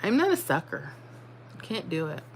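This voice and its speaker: A woman's voice: on the low side, very animated, moderate pace, creaky, slight background noise. A woman hosting a casual livestream, talking straight to her viewers in a blunt, motivational way and often repeating herself. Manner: repeats herself, drops into dialect. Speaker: livestream host.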